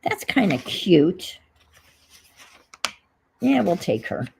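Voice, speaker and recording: A woman's voice: fairly low pitch, sing-song, drawn-out words, creaky, a little mellow, slight background noise, low-quality recording. A middle-aged woman with a New England accent, chatting casually on a livestream, reminiscing and reading viewer comments aloud. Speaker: livestream host.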